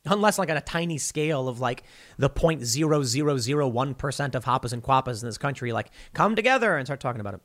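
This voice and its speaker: A male podcast host giving a heated monologue, animated and stammering often as he restarts his sentences. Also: medium pitch, fast talker. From United States.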